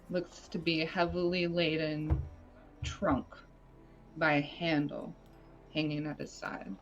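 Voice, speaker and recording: A player slowly describing their character in a tabletop game. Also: mid-range voice, flat delivery, fairly bright tone, soft background music, poor audio. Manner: slow, deliberate description.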